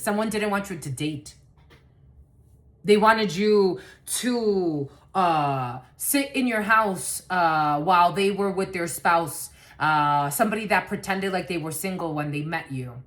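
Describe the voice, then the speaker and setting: A woman's voice: medium pitch, lively intonation, measured pace, a bit bright. A woman giving a collective tarot reading to camera, blunt and rambling, swearing freely and laughing often. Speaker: tarot card reader.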